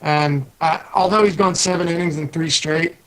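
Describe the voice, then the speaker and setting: A man co-hosting a fantasy baseball show in relaxed, chatty casual talk, reeling off stats. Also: on the high side, normal speed. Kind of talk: casual sports chat.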